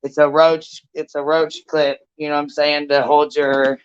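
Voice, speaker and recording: Smooth-voiced man, dry lo-fi webcam sound. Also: a little high, level tone, moderate pace, no echo. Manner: loose, profane, chatty while showing items on camera. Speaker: panel participant. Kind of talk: casual online panel chat.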